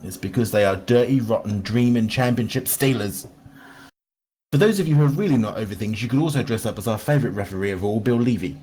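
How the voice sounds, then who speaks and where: A man's voice: on the low side, fast, dark tone, a little hiss or hum. A man co-hosting a fan podcast, joking in a playful, theatrical way. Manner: jokey, theatrical. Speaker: podcast co-host.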